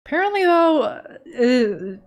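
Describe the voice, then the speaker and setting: A woman's voice: sits high, sing-song, takes it slowly. A young woman chatting casually and rambling while she draws on a live stream, laughing at herself often. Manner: rambling, giggly, self-deprecating. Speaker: art streamer.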